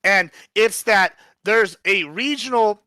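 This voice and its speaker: A man's voice: sits high, slow pace, sharp tone, dry recording. A man with a Texas accent, a blunt panelist on a casual live-stream debate who cuts in and repeats himself through a poor microphone. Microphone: poor-quality microphone.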